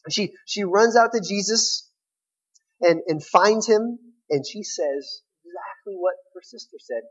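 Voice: medium pitch, husky, lo-fi sound. A preacher giving a sermon, retelling a scripture story in an emphatic, conversational way.

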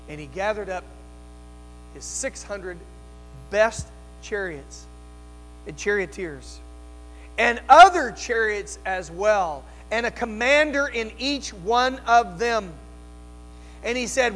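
A man preaching a sermon as pastor, telling the story dramatically, dropping to a hush and rising to loud cries. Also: sits high, animated, slow, pauses often. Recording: long hall reverb, faint music and mains hum.

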